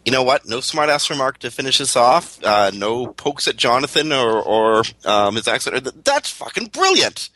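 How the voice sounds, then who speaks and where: A man's voice: medium pitch, big pitch swings, moderate pace, few pauses, bright, forceful tone, dry recording, poor audio. A Canadian man co-hosting a radio talk show in casual chat, joking and rambling with lots of fillers and restarts.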